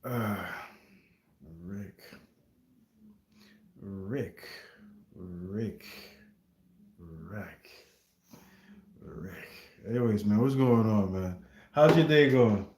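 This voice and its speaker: In an echoey room, a livestream reaction host talks extremely slowly and pauses often, his fairly low voice a little mellow. He chats with viewers in a rambling, relaxed way, full of filler phrases like "you know what I mean."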